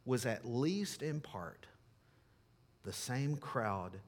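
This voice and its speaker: A man pastor preaching a sermon and leading a closing prayer, emphatic, swinging from loud declarations to hushed lines. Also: mid-range voice, expressive, drawn-out words, long pauses.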